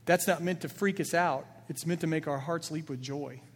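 A man's voice: fairly high pitch, normal speed, breathy edge. Earnest male pastor in an echoing hall. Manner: earnest, builds emphasis, quoting scripture with feeling. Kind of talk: sermon. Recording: long reverb of a large hall.

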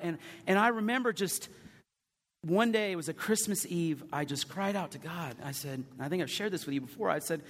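A man preaches and tells his own story, pitched a little high for a man. He pushes hard on his big points, then drops almost to a murmur. His voice rings out with a long reverb, as in a church sanctuary. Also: brisk. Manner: earnest, building to loud emphatic peaks then dropping to hushed confession. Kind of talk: sermon with personal testimony.

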